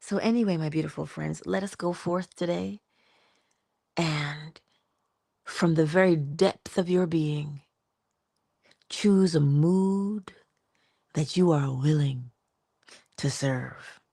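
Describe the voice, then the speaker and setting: A woman hosting an inspirational morning livestream, musing and affectionate, drifting between hushed asides and bursts of laughter. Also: low voice, takes it slowly, gravelly, long pauses, dry recording. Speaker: livestream host. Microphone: livestream mic.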